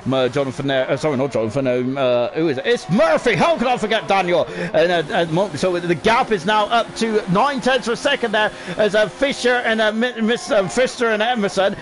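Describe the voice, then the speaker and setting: A very high-voiced man calls a sim race live, his talk packed with fillers and tag questions. He jumps into excited shouts whenever a car hits the wall. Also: fairly quick, few pauses. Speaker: esports race commentator.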